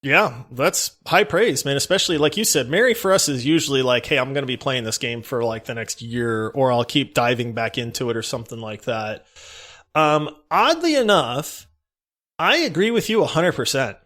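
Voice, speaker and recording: A man's voice: mid-range voice, normal speed. A young man co-hosting a casual gaming podcast, joking and laughing often as he talks. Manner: laughing, animated, jokey. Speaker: podcast co-host.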